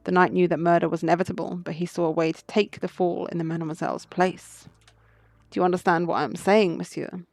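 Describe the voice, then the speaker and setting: A woman's voice: on the low side, level tone, fast, vocal fry, darkish tone, no echo, faint music behind. Woman voicing a suave riddling fox fugitive. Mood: cryptic. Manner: poised, riddling storyteller. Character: suave male fox fugitive, cryptic and theatrical.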